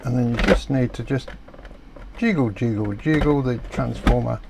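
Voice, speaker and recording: A middle-aged man explaining a radio repair step by step in a relaxed, chatty way. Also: medium pitch, normal speed, gravelly, background noise. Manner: relaxed, chatty, self-deprecating asides.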